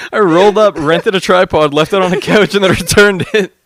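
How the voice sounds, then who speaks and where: A man's voice: high voice, fairly bright tone. A man with a slightly raised voice tells a story in rambling, filler-heavy casual chat, swearing freely. The sound is close and dry, with no room echo. He is from Canada and co-hosts a stream. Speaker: stream co-host.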